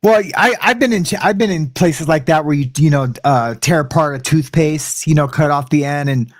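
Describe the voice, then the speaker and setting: A laid-back man co-hosting a casual live talk show, his voice slightly high for a man and recorded dry and close. He chuckles often and raises his pitch to act out what others said. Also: moderate pace, no echo. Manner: laid-back, laughing, acts out quoted voices.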